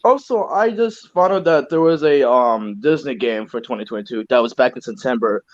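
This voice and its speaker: A relaxed young man chatting on a podcast in a mid-pitched voice. The sound is dull and lo-fi, with no room echo at all. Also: fairly quick. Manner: relaxed, chatty, loose asides. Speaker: co-host. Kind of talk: casual podcast chat. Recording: dull lo-fi recording.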